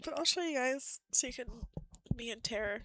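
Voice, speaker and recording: Bright, lively woman streamer chatting. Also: sits high, brisk. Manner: giggly, self-correcting, chatty with viewers. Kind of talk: casual live-stream chat.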